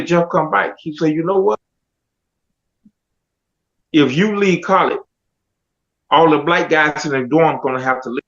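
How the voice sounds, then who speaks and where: A man telling his life story with animated storytelling, casually acting out the other people's voices with slang. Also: a little high. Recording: dull lo-fi sound.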